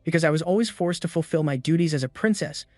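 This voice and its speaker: A shy, earnest young princess speaking politely, as a male narrator reads her lines. The voice is a little high and close, with a dry sound. Faint music plays under the story. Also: fast talker, dry recording, close to an everyday voice.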